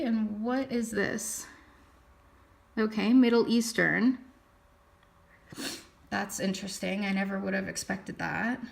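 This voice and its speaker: A young woman chats casually into her computer mic, musing aloud as she reads. Her mid-pitched voice carries a gravelly fry at the ends of phrases. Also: steady tone, takes it slowly, long pauses. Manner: chatty, thinking aloud while reading results. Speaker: vlogger. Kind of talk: casual vlog talk.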